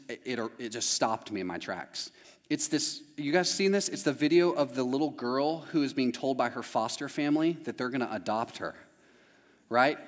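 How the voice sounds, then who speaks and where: A man delivers a sermon in an easygoing, conversational way, turning often to his listeners. His voice sits in a middle register. The sound carries a long hall reverb. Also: mid-range voice. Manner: conversational, addresses the audience directly. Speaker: pastor.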